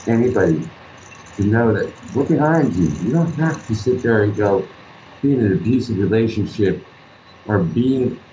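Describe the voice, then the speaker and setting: An artist being interviewed tells stories in an earnest, rambling manner during a casual talk. He has a medium-pitched, warm voice, and the roomy, dull lo-fi recording has a little hiss or hum.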